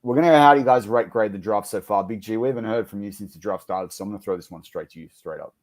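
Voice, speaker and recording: A man hosting a casual livestream chat, telling anecdotes in a lively, welcoming way. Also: fairly low pitch, very fast. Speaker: host.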